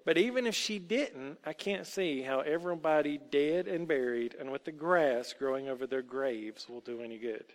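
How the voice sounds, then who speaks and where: A man voicing a middle-aged Christian aunt who speaks softly but sternly, gently lecturing a child. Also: a little high, normal speed, few pauses, lightly acted. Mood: gently scolding. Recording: long hall reverb.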